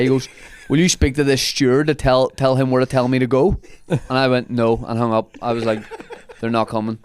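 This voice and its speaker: A man hosting a comedy podcast, telling an animated anecdote in casual chat and laughing often. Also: mid-range voice, a little fast, few pauses, a little hiss or hum.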